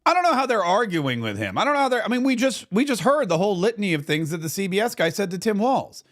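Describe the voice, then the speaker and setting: High-voiced indignant male commentator. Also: fast. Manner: animated, indignant, repeats phrases. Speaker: political commentary host. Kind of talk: opinionated commentary.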